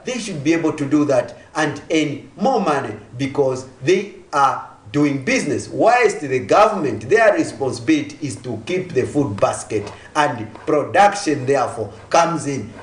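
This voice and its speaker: An animated man, his voice rising and falling widely as he drives home one point after another. His pitch sits a little high for a man, and he hammers his arguments with repetition. The studio around him rings with echo. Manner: forceful, rhetorical, repeats key phrases. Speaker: political guest. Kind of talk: studio talk-show argument.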